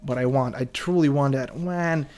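A man's voice: mid-range voice, moderate pace, a little mellow, soft background music. Chatty nervous man narrating his gameplay. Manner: chatty, nervous laughs, thinks aloud. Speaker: gameplay commentator. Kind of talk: casual gameplay commentary.

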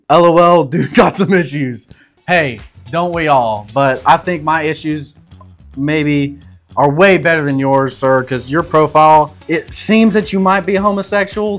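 A brash young man with a Southern drawl reads viewer comments and fires back crude, cocky jokes. His voice sits a little high for a man. Soft music plays faintly under him. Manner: brash, crude, joking bravado. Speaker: show guest reading comments. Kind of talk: casual comment reading.

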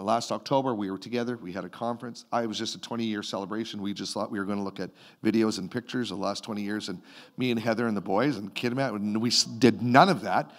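Canadian man preaching an animated sermon. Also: fairly low pitch. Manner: animated, retells a vision in a rising and falling voice. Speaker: pastor. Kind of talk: sermon storytelling.

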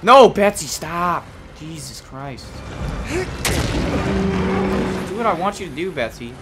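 A man's voice: a little high, very animated, slow pace. A man giving casual, playful gameplay commentary, swearing and joking as he talks to the creatures on screen. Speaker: let's play gamer. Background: game music.

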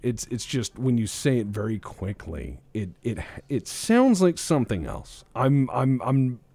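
A man's voice: mid-range voice, very animated, a little slow, mellow. A man hosting a casual gaming stream, rambling and joking, swearing freely and restarting his sentences. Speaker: streamer host.

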